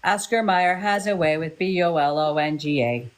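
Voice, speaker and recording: A woman's voice: deep voice, normal speed, a little hiss or hum. A woman hosting a live stream as a psychic medium, chatty and playful, teasing her guests in casual chat.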